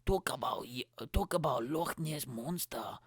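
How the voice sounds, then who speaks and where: Drawling mock-Scottish bloke done by a man, slow and gruff, Scottish accent. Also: medium pitch, no room sound, studio quality. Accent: Scottish, badly imitated. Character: gruff Scottish man talking monsters and haggis.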